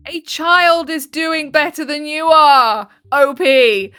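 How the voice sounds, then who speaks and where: A woman's voice: high voice, takes it slowly, sharp tone, no room sound, clean studio sound. A woman reading online posts aloud, breaking off for chatty, exasperated asides. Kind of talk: casual storytelling with commentary.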